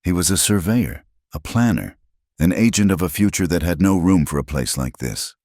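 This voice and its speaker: Very deep-voiced male storyteller. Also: lively intonation, moderate pace, a little mellow, dry recording, studio quality. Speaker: narrator. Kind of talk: scripted narration.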